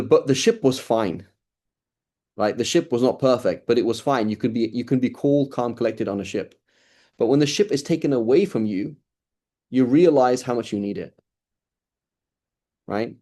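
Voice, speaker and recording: A man's voice: mid-range voice, warm tone. A middle-aged man giving an informal lecture as an Islamic studies teacher, talking casually with many fillers and restarts.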